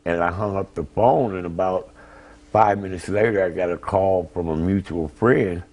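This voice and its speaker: An older man, a grandfather, giving halting, emotional answers in a TV interview. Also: deep voice, darkish tone. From Ohio. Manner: plain, halting, retells phone calls.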